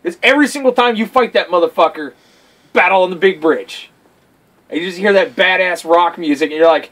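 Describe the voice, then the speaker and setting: A young man with a high voice co-hosts a relaxed talk about an old game. He is excitable and swears freely, and he often slips into mock voices to act out scenes. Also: a little fast, low-quality recording. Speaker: podcast co-host. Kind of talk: casual chat.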